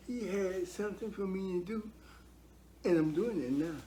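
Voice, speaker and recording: A man's voice: high-pitched, moderate pace, warm tone, a little hiss or hum. An older man giving a heartfelt spoken testimony about his faith, earnest and preachy, repeating himself for emphasis.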